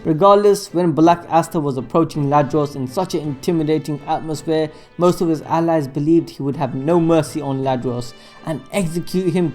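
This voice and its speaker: A man's voice: fairly high pitch, darkish tone. A man narrating an anime commentary voice-over in a casual, sarcastic way, with slang and the odd swear word. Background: faint background music.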